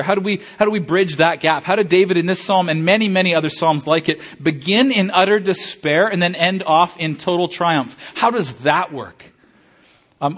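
A middle-aged pastor with a voice on the high side delivers an earnest, conversational sermon. He drops in self-deprecating asides and uses fillers often.

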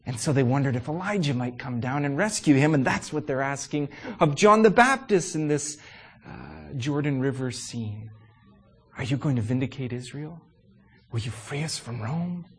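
Husky-voiced man preaching with animated emphasis. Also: medium pitch, moderate pace. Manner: animated and emphatic, rhetorical questions, frequent "uh" fillers. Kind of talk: sermon.

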